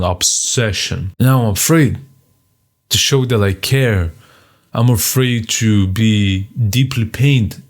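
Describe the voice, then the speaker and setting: A man journaling on video, talking bluntly and profanely and sometimes bursting into loud shouts. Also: on the low side, creaky. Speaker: vlogger.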